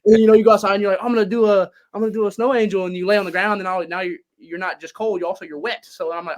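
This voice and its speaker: A man's voice: sits high, rapid-fire. A man from Louisiana with a mixed north Louisiana and Cajun accent, telling stories as a guest in a casual podcast interview from his home. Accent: Louisiana, mix of north Louisiana and Cajun. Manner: rambling, animated storytelling with many fillers. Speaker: guest, pro wrestler.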